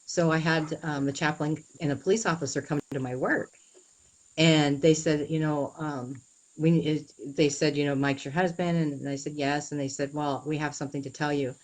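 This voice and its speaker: A young adult woman in an interview, telling her own story in an earnest, halting way with many pauses and restarts. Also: low voice, steady tone, poor audio.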